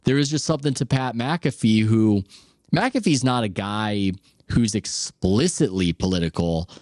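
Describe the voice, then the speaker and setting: A man's voice: fairly low pitch, unhurried, a little mellow, no room sound, studio quality. Wry, candid man hosting a podcast. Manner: candid, wry, musing, laughs easily. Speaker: podcast host. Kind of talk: casual podcast conversation.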